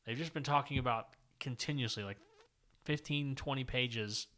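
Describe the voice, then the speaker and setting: A man co-hosting a podcast, giving a casual, lively recap of a comic book story with plenty of filler words. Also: mid-range voice, normal speed. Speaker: podcast co-host.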